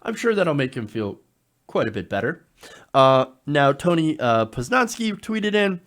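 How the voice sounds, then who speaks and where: A man's voice: fairly high pitch, a little slow. A man hosting casual political commentary, reading tweets aloud with a sarcastic tone and frequent chuckles. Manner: sarcastic, chuckling often, lively delivery.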